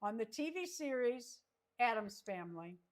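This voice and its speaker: A woman hosting a livestream trivia chat, reading each question slowly and repeating it. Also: on the high side, very animated. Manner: slow, reads questions twice. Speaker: host.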